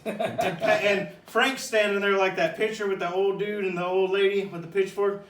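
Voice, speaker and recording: Animated man telling a story. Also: high voice, normal speed. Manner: animated, shouts and laughs while acting out the scene. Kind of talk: casual spoken anecdote. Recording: echoey room, distant mic.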